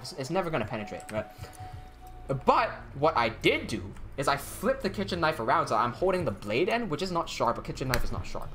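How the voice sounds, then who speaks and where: A man's voice: on the high side, sharp tone. A young man telling a long personal story while streaming a game, swearing often and acting out the quotes.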